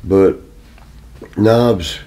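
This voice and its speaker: A man's voice: deep voice, extremely slow. Man laughing through a casual anecdote. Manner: laughing through story, animated.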